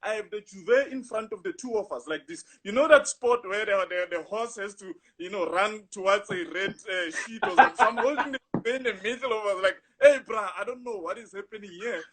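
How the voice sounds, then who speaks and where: A young man with a husky voice, animatedly telling a rambling story in casual chat, full of "you know". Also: high-pitched, a little fast, few pauses, noisy background. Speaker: guest storyteller.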